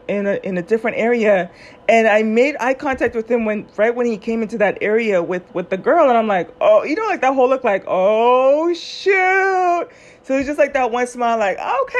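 A young woman with a somewhat high voice hosts a casual solo podcast. She tells a personal story in a loose, chatty way and jumps into lively quoted voices as she goes. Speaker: podcast host.

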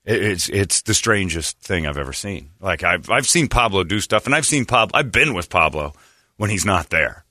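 A male radio host tells a long story in a loose, chatty way and slips into the voices of the people he quotes. His voice sits low but sounds bright, and the sound is dry and close. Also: lively intonation, moderate pace, no echo. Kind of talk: casual storytelling chat.

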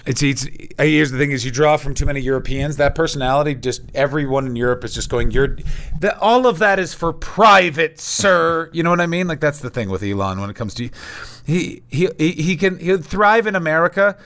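A man riffing through a comedy podcast, all mock outrage and swearing, with a lively voice that leaps up and down as he builds each bit. He sounds like he's outdoors on the move, talking over a remote connection. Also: a little high, fairly quick, few pauses. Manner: animated, profane riffing with mock rants. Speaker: comedian guest. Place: walking outdoors in winter.

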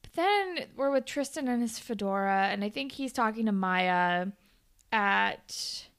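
A woman co-hosting a podcast in casual chat, blunt and quick to swear, laughing often. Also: mid-range voice, animated, a bit bright, smooth. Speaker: podcast co-host recapping a TV episode.

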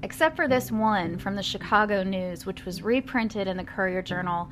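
A woman's voice: medium pitch, normal speed, over music. Chatty woman host telling history. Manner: chatty, wry asides with ums. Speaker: podcast host. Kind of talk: casual storytelling narration.

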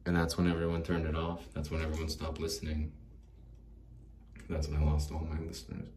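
A man's voice: rumbling low, monotone, fairly quick. A man hosting his own podcast alone in a small studio, rambling in a self-deprecating, wistful way. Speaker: podcast host. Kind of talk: rambling solo podcast monologue. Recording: roomy echo, faint background hiss.

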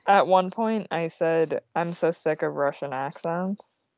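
A woman's voice: deep voice, unhurried, no room sound. A young woman co-hosting a podcast, making dry jokes and giving short agreeing replies in a casual chat. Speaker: podcast co-host. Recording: dull dry lo-fi recording.

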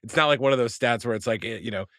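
A man's voice: mid-range voice, very fast, a bit bright, no room sound, clean studio sound. A man, the show's producer, tossing in casual wry remarks from the side. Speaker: podcast producer. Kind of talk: casual banter.

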